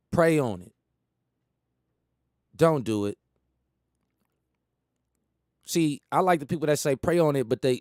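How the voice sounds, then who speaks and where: A man with a mellow, somewhat high voice delivers a casual talk-radio monologue, recorded cleanly in the studio without echo. Emphatic and rambling, he repeats himself and chuckles at his own jokes.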